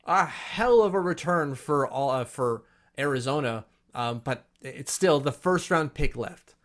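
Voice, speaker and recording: A man's voice: mid-range voice, lively intonation, measured pace, fairly bright tone. A man hosting a casual hockey commentary vlog from home, chatty and self-deprecating. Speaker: hockey YouTuber.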